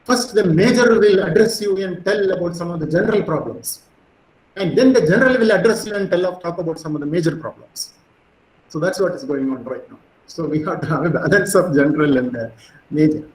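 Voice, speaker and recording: Animated high-voiced male lecturer. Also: fairly quick, roomy sound, low-quality recording. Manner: animated, storytelling, frequent fillers. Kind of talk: physics lecture.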